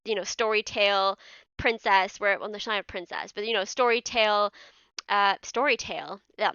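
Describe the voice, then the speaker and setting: A woman's voice: medium pitch, normal speed, bright, forceful tone, clear, resonant tone, dull audio. A woman co-hosting a storytelling podcast, chatting casually, bubbly and laughing often. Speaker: podcast co-host. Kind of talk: casual chat.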